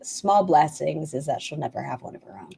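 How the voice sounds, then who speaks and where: Low-voiced sarcastic woman streamer. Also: a little fast, vocal fry, dark tone, husky. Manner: sarcastic, blunt remarks. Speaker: commentary streamer. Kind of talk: livestream commentary.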